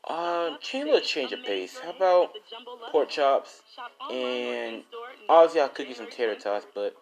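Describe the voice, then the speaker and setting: A man voicing a gentle, caring mother in a spoken fan story, with music behind. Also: medium pitch, sing-song, unhurried, rough recording.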